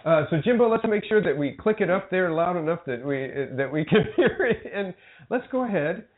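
A man's voice: high voice, expressive, a little fast. A man co-hosting a casual talk show, joking and teasing his co-host and guest. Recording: tinny phone-like sound.

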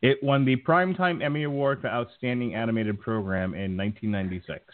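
A man's voice: medium pitch, fast. A middle-aged man hosting a podcast in casual chat, talking in a rambling way with lots of restarts. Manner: stumbling, rambling storyteller with many restarts. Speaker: podcast host. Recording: tinny phone-like line.

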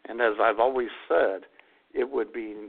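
A man's voice: medium pitch, steady tone, moderate pace, gravelly. A man co-hosting a podcast in casual crude banter, teasing and joking bawdily. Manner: teasing, bawdy jokes. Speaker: podcast co-host. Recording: tinny phone-like audio.

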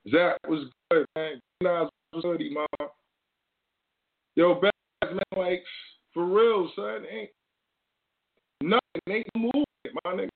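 A man's voice: high-pitched, fairly even intonation, measured pace, creaky, long pauses. A man hosting his own show, ranting casually in loose slang with lots of swearing. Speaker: show host. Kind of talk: casual rant to camera. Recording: tinny phone-like audio.

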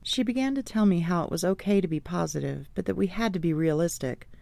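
A woman's voice: lowish voice, quick pace, vocal fry, dark tone, no room sound. A woman reading her own memoir audiobook, telling an earnest, faith-filled story.

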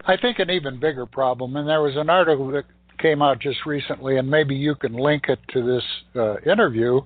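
A man's voice: mid-range voice, no echo. Emphatic man over a tinny phone line. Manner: emphatic, blunt, indignant. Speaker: beekeeper guest. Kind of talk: interview talk.

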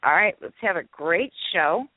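A woman's voice: fairly low pitch, expressive, normal speed, dry recording. Easily amused female co-host with a cold, near-tearful; dry, narrow phone-line audio. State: sick, congested, tearful-sounding. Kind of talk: casual talk-radio chat.

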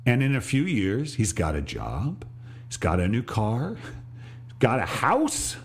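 A middle-aged man and podcast host telling a reflective personal story, slowing on details and restarting phrases. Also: medium pitch, huge pitch swings, a little hiss or hum. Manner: reflective, pauses and restarts, slows on vivid details.

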